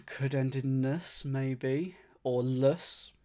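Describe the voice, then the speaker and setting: A man's voice: mid-range voice, fairly even intonation, drawn-out words, mellow. A man streaming himself solving a crossword, thinking aloud, repeating clues under his breath and thanking viewers by name.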